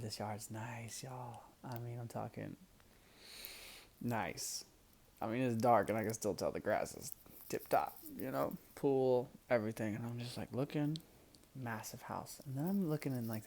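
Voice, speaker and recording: Speaking to the camera in a gravelly, medium-pitched voice, a young man relates a personal story in a casual, lively way with laughter. Occasionally he lowers to a hush for asides.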